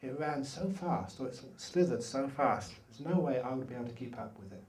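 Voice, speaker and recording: A middle-aged male meditation teacher giving a dharma talk to a retreat group, telling his stories with animation and humor. His voice is mellow and warm. He sounds distant from the microphone in a reverberant hall. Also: mid-range voice, expressive, brisk. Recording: echoey hall, from far off.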